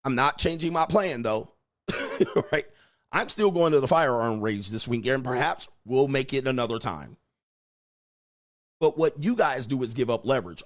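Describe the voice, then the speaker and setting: A man's voice: medium pitch, very animated, unhurried. Man, blunt dating lecture, emphatic, profane, acts out both sides. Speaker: dating advice host. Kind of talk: lecturing monologue.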